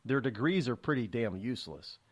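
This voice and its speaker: Speaking briskly in a mid-range voice, this middle-aged radio talk show host gives a sarcastic, opinionated monologue. He's animated throughout and performs the voices of others as he quotes them.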